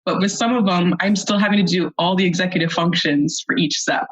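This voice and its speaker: A woman calling in to a podcast, answering briefly with a soft, giggly manner. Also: lowish voice, fairly even intonation, brisk, lo-fi sound. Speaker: caller. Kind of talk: call-in question.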